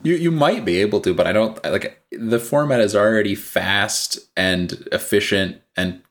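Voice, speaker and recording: Very low-voiced male podcast guest. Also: normal speed, a bit bright. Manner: laughs often, self-deprecating. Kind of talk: casual podcast chat.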